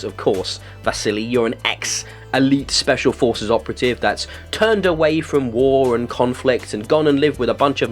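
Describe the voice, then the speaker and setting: A man hosting a casual video game review podcast, talking with gushing enthusiasm and plenty of filler words. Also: mid-range voice. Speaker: podcast host.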